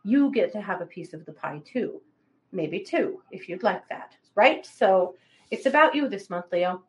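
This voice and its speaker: A woman co-hosting a livestream, giving chatty, animated astrology readings and laughing often. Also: mid-range voice, a little slow, rough recording. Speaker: psychic reader, co-host.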